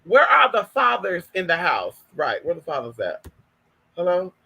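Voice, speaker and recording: Woman from california chatting on a live stream, lively bright voice, sassy and loose. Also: on the low side, normal speed, creaky, breathy edge. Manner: sassy, calls everyone honey. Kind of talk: casual live stream chat.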